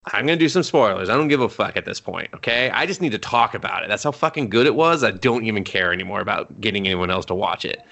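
A man co-hosting a casual podcast chat, gushing excitedly about a show and swearing freely. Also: fairly low pitch, fast talker, gravelly, few pauses. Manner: excitable, swears a lot, gushes while recapping. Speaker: podcast co-host.

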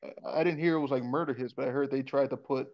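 Gravelly man rambling bluntly. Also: medium pitch, steady tone, fast, lo-fi sound. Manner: rambling, frequent restarts and repeated words; blunt, swears freely. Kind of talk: casual conversation.

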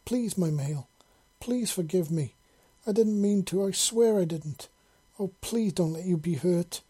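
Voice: mid-range voice, measured pace, warm tone, husky, pitched above the performer's own voice. A reader voicing an alien queen woman who pleads and warns in a raised, breathless voice. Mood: pleading.

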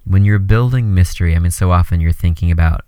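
Very deep-voiced co-host, dry sound. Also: fast talker, mellow, clean tone, no echo. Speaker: podcast co-host. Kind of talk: casual chat.

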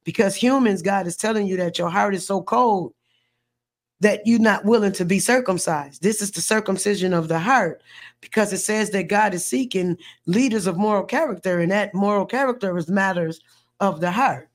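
A woman's voice: mid-range voice, moderate pace. Emphatic woman preaching on a podcast. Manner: preachy, emphatic, repeats words. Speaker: podcast host. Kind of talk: faith discussion.

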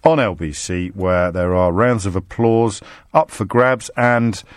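A man hosting a radio phone-in, chatting with callers in a quick-witted, teasing way and often restarting his sentences. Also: on the low side, smooth, dry recording, studio quality. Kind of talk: casual radio phone-in chat. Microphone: studio microphone.

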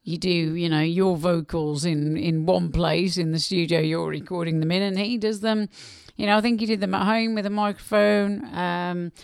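Cheeky woman with a Black Country accent and a gravelly edge. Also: on the low side, fairly even intonation, moderate pace, few pauses, no echo, studio quality. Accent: Black Country English. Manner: chatty, cheeky, self-deprecating. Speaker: musician guest. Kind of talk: casual radio interview.

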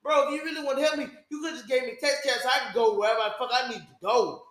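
Man, very high voice, rapid talker, indignant storyteller, roomy echo. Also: a bit bright. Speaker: podcast co-host. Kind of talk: casual chat.

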